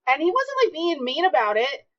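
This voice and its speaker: A woman co-hosting a podcast with excitable, profane reactions in casual chat. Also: sits high, a little fast, dry recording. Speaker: podcast co-host. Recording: dull lo-fi mic.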